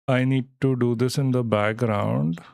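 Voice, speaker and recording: A man's voice: mid-range voice, steady tone, unhurried, creaky, darkish tone, dry recording, studio quality. A man hosting a casual live stream, talking in a rambling, reassuring way and swearing now and then. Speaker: livestream host.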